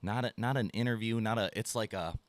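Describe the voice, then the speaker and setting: A man's voice: on the low side, fairly quick, no room sound. A man hosting a podcast, telling a loose, profane story and acting out both sides of his phone calls. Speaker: podcast host. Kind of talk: casual storytelling chat.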